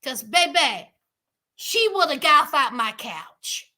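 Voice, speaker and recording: A woman's voice: high voice, big pitch swings, slow pace, sharp tone. A woman giving a sassy, emphatic casual recap of a reality TV show.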